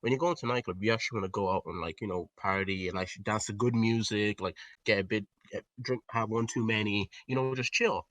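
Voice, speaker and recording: A young man telling a story in a casual podcast chat, animated and swearing, with loud outbursts. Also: on the low side, fast, few pauses, dry recording. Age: young adult. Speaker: podcast co-host.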